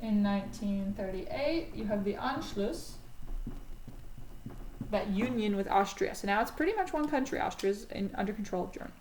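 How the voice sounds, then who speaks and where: A woman's voice: medium pitch, expressive, normal speed, a little mellow, slight background noise, low-quality recording. A woman teaching a history class in a casual, chatty way, with frequent ums and self-corrections.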